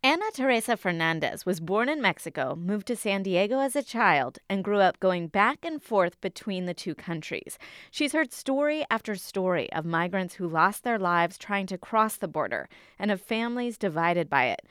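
A female radio reporter narrating a scripted news story with a steady, clear delivery. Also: mid-range voice, normal speed, dry recording, studio quality.

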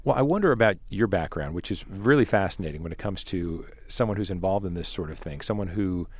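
Lower-voiced male interviewer. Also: animated, fast talker, dry recording. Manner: curious, brief questions. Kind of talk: interview questions.

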